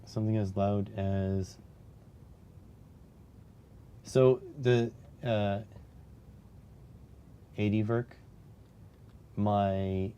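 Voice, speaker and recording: Fairly low in pitch with fairly even intonation, his mellow, smooth voice moves extremely slowly and pauses often. He's coding on a casual live stream, losing his voice and muttering between answers to his chat. The mic is clipped on near his chest.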